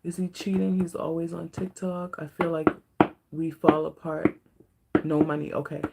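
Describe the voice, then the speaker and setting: A woman giving a live-stream tarot reading, soft-spoken and emotional, often checking in with her viewers. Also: low-pitched, completely flat delivery, moderate pace, gravelly, heavy background noise. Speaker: tarot reader.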